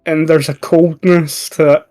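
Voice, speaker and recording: A man narrating as game master of a tabletop game, unhurried and hesitant. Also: fairly high pitch, flat delivery, dark tone, faint music behind.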